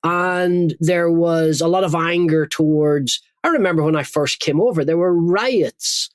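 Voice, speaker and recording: A man's voice: fairly high pitch, unhurried, no echo. A middle-aged Irish man being interviewed on a podcast, talking earnestly and often restarting as he searches for words. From Ireland. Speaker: guest.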